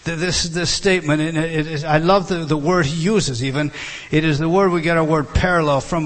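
A man's voice: fairly high pitch, normal speed, fairly bright tone. A man preaching an expository sermon, emphatic and prone to repeating words and restarting phrases.

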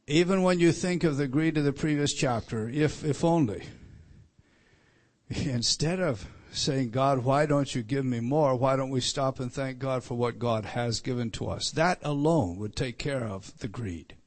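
A man's voice: mid-range voice, a little slow. A man preaching an expository sermon, emphatic, often repeating himself and restarting sentences. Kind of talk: expository sermon on a Bible passage.

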